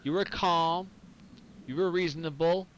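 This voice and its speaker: A man's voice: a little high, fairly even intonation, a little slow, rough recording. Tipsy, rambling, profane man. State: tipsy from whiskey. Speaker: gaming commentator. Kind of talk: casual game commentary.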